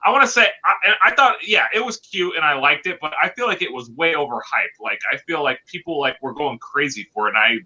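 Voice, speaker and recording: A man's voice: a little high, expressive, a little fast, hardly any pauses, bright, forceful tone. A man co-hosting a podcast, chatting casually about movies with many fillers and hesitations. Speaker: podcast co-host. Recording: lo-fi dull recording.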